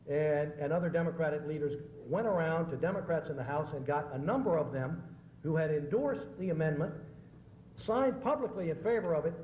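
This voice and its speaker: In an echoey lecture hall with faint hiss, a middle-aged American man who works as a political journalist tells stories that land on joke punchlines and takes questions in a conversational way. His voice is on the high side and a little mellow.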